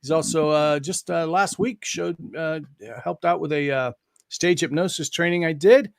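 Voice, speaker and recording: Chatty laughing host, slightly high voice. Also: male voice, normal speed, gravelly, dry recording, clean studio sound. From United States. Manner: chatty, laughing, loose with fillers. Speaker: host and author. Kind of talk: casual live stream chat.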